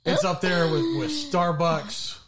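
A man's voice: sits high, a little slow, crowd noise. A man co-hosting a podcast, telling stories in casual chat and swearing often. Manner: profane, animated storytelling. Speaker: podcast co-host.

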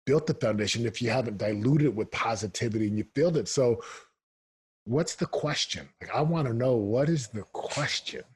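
Husky guy hosting a podcast, all upbeat, keeps saying stuff twice. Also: medium pitch, fairly quick. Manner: excitable, upbeat, repeats words. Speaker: podcast host. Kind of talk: casual podcast chat.

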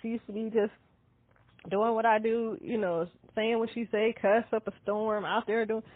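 Thirties woman, outspoken co-host, breathy and on the high side, through a tinny phone line. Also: normal speed. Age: 30s. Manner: candid, animated storytelling, laughs often. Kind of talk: casual chat. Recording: dry, tinny phone-like sound.

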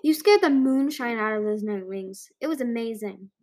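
A woman voicing a bold, brash young female dragon who talks bluntly and excitedly in a storybook reading. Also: fairly high pitch, normal speed, close to an everyday voice. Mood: lively.

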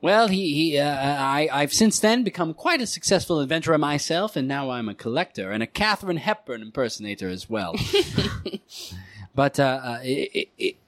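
A breezy, theatrical lady collector in a tabletop game, put on by a man. The voice sits well above his normal pitch and comes across bright and lively, with a giggly, self-important flair. The sound is dry and close. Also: normal speed, no echo. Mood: gushing. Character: chatty self-important woman collector, former teacher.

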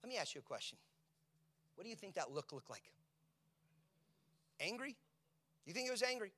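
Preacher man swinging from whispers to shouts. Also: sits high, big pitch swings, normal speed. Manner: swings from hushed whispers to loud, shouted climaxes; asks the congregation rhetorical questions. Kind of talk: sermon.

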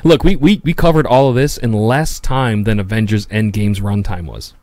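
A man hosting a podcast in casual chat, joking and swearing, with bursts of loud laughter. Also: moderate pace, no room sound. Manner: profane, joking, laughs loudly and jumps high in pitch. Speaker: podcast host.

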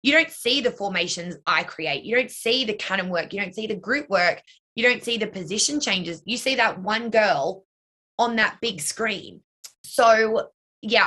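A woman's voice: mid-range voice, sharp tone. A young woman, a dance and cheer coach and choreographer, answering interview questions in a chatty way, full of "like" and "you know".

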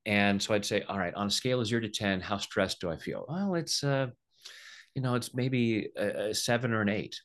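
This guest, a middle-aged man who practices EFT tapping, demonstrates and explains the technique with a playful touch, imitating the voices of those he quotes. His voice is on the low side and a bit bright, and he talks a little fast.

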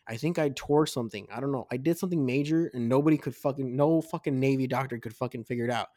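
A man in his twenties on a casual podcast, telling a rambling, profanity-heavy story about his military days, with tipsy, animated storytelling. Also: mid-range voice, fast talker, no room sound, studio quality. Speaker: podcast co-host. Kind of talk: casual drunk storytelling chat.

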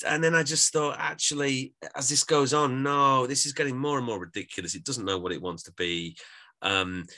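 A man's voice: lowish voice, sharp tone. A man co-hosting a music podcast, talking in a chatty, wry way and reviewing an album. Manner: chatty, wry, drifts into sung quotes. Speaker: podcast co-host. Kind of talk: casual music review chat.

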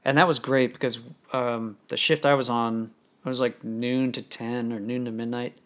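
A man who works on TV crews, telling stories in a relaxed, halting way during a casual chat. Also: mid-range voice. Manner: relaxed, halting, many "like" fillers. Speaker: TV crew member guest.

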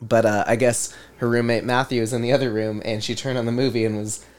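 A man's voice: mid-range voice, flat delivery, fast talker. A man co-hosting a podcast in casual chat, rambling and sarcastic, laughing often. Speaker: podcast co-host.

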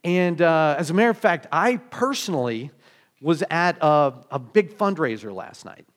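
A man's voice: fairly high pitch, lively intonation, moderate pace. A male pastor preaching a sermon in a conversational way, asking many rhetorical questions and often restarting his sentences.

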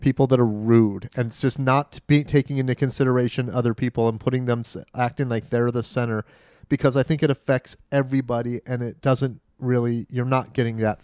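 A man's voice: mid-range voice, brisk, smooth, no echo. A man talks on a podcast with a mid-range voice, telling stories with energy and acting out the lines of people in them. His voice is recorded close and dry, with no room sound. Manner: animated storyteller, acts out quotes. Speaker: podcast guest. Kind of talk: casual podcast chat.

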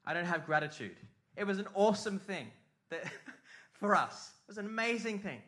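A man's voice: high voice, pushed and bright. A middle-aged man preaching a sermon as pastor, telling a comic story with sung mimicry and put-on voices.

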